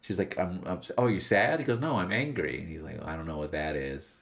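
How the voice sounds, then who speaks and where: A man with a low, slightly bright voice, some vocal fry, and a fairly quick delivery co-hosts a podcast, with slight background noise. In a relaxed film chat, he excitedly goes over scenes and voices the quoted dialogue himself.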